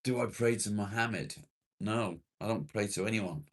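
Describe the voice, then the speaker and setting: An English man hosts a casual livestream, reading chat comments aloud and responding bluntly while swearing freely. His voice is on the low side and he speaks at a normal pace.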